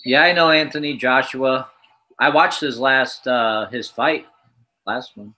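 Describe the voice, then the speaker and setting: A man hosting a casual livestream, rambling in a relaxed way with lots of fillers as he shows off his kitchen. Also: medium pitch, unhurried. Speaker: livestream host. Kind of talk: casual chat, showing his kitchen pantry on stream.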